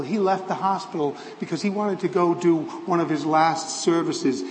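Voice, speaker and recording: A man's voice: on the high side, a little mellow, big-room sound, a little hiss or hum, low-quality recording. A male preacher giving a sermon, retelling a film scene in an earnest storytelling manner with occasional stammered restarts.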